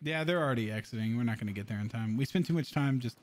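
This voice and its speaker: A young man streaming a multiplayer game, chatting casually and excitably with his friends. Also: racing. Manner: excitable, jumps into high joking voices. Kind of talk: casual gaming chat with friends.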